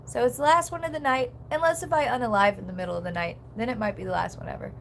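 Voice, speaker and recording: A woman's voice: fairly high pitch, fairly even intonation, fast, creaky, a little hiss or hum. A young woman chatting casually on a livestream, rambling with lots of "like" and "um" and reading chat comments aloud.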